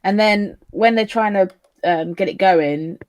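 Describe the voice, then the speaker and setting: A woman's voice: medium pitch, unhurried, darkish tone. A woman co-hosting a casual anime review. She recaps the plot with a giggle and many fillers. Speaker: co-host.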